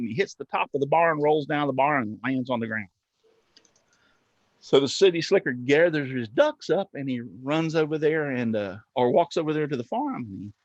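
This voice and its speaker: A man's voice: mid-range voice, no room sound. An older man hosting a casual livestream, telling jokes and reading comments in a folksy, chuckling way. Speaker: host. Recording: dull, dry lo-fi stream audio.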